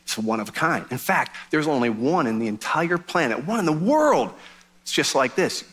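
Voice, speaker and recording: A man voicing a male pet store clerk in a low, slow, hushed sales pitch. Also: very animated, husky, heavily acted. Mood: sly.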